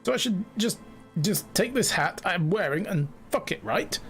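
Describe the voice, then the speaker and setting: A man's voice: high voice, normal speed, soft background music. Guy streaming a game, bouncy voice all over the place, goofy, reads lines out. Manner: animated, jokey, reads game lines aloud. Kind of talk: let's-play commentary.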